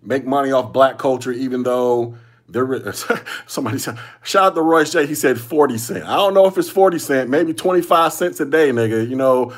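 A man's voice: medium pitch, normal speed. A man hosting a solo podcast, giving casual commentary in loose slangy talk, repeating himself and chuckling often. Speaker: podcast host.

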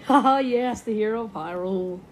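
A young woman hosting a gaming podcast, giving gushing commentary and repeating her excited exclamations. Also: fairly high pitch, brisk, faint music behind. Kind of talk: game commentary.

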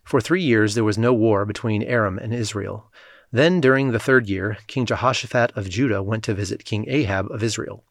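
A man with a low voice reads scripture in a measured, even way. He lightly shades the quoted lines without fully acting them. The recording is dry and close, with no room sound. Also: no echo. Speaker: scripture reader. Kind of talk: scripted Bible reading.

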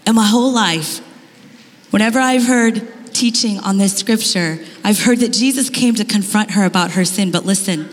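Woman conference speaker, lively storyteller, mid pitch, reverberant hall. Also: moderate pace. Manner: animated storytelling, rising emphatic questions. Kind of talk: sermon.

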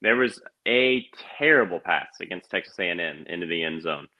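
A man's voice: sits low, expressive, fairly quick. A man as a podcast guest in casual sports chat, thoughtful and hesitant, often restarting his sentences. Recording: dull lo-fi audio.

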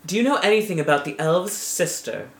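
A woman's voice: lowish voice, expressive, a little fast. A woman joking and punning while playing a video game. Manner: playful, punning. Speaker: game player. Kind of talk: casual chat over a game.

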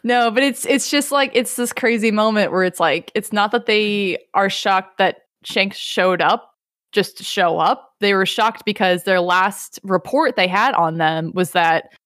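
A woman recapping an anime in casual podcast chat, rambling and animated with lots of fillers. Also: medium pitch, measured pace, no echo, studio quality. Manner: rambling, animated, many fillers, laughs easily.

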